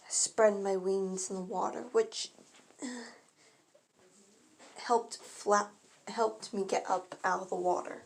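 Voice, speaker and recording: A woman's voice: medium pitch, steady tone, slow, gravelly, pauses often. A woman casually reading her own first-person fan story aloud. She often stumbles and corrects herself mid-sentence.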